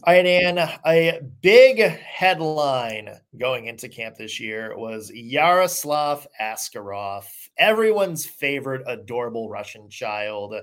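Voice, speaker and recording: A sports podcast host talking casually, relaxed, with frequent "uh" fillers. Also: mid-range voice, slow, few pauses.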